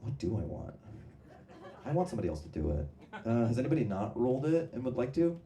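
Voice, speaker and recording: A man's voice: mid-range voice, sing-song, fast talker, mellow, roomy sound. A man doing a stand-up comedy set on a club stage, rambling through tangents and laughing at his own jokes. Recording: distant mic, noisy live room.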